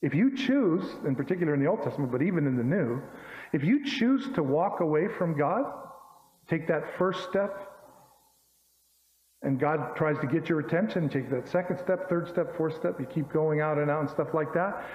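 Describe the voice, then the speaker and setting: High-voiced man preaching in an echoey hall. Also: expressive, moderate pace. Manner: emphatic, folksy, with rhetorical questions. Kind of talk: sermon. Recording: echoey hall, dull lo-fi sound.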